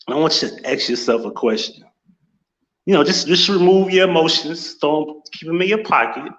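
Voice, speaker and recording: Brief: male streamer, casual and profane, slightly high voice, roomy lo-fi sound. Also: fairly quick, a bit bright. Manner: profane, loose and talkative, greeting chat viewers. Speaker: live-stream host. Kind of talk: casual live-stream chat. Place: home office. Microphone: without headset, room mic. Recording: echoey room, dull lo-fi sound.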